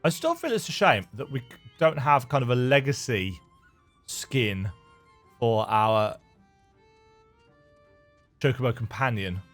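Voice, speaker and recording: A man's voice: medium pitch, expressive, a little slow, long pauses, fairly bright tone. A man casually commenting while he plays a video game, musing aloud, humming to himself and poking fun at himself. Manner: musing, self-deprecating, hums to himself. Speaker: game streamer. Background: faint game music.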